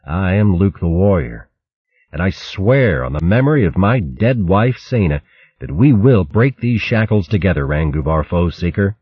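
A man's voice: deep voice, lively intonation, moderate pace, breathy edge, no echo, highs cut off, voice pushed up. A man voicing a determined male mouse warrior who speaks in solemn, earnest oaths in a storybook reading. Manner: solemn, earnest oath-taking.

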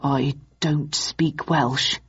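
A woman reading aloud, voicing a weary, reluctant older man who speaks quietly and murmurs. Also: deep voice, takes it slowly, breathy edge, highs cut off, exaggerated voice.

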